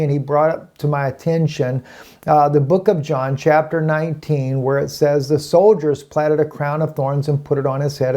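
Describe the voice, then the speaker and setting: Man, casual Bible teaching, rambling delivery, warm dark tone, recorded at home. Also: fairly high pitch. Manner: rambling, many fillers and restarts.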